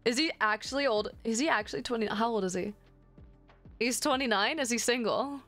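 A woman's voice: fairly high pitch, brisk, fairly bright tone, faint music behind. A woman streamer chatting casually with her viewers while gaming, joking in a playful, crude and flirty way.

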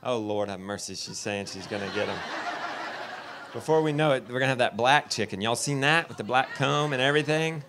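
A man's voice: mid-range voice, fairly quick, noisy background. A man giving a live talk at a festival. He tells folksy, joking stories and talks straight to the crowd. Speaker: festival speaker. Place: festival tent.

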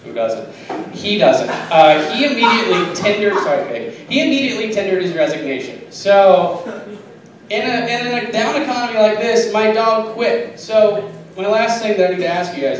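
High-voiced man doing absurd stand-up. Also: brisk. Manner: deadpan, punny, giggling at own jokes. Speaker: stand-up comic. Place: small bar stage. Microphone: phone camera. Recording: echoey bar, phone from far off, crowd.

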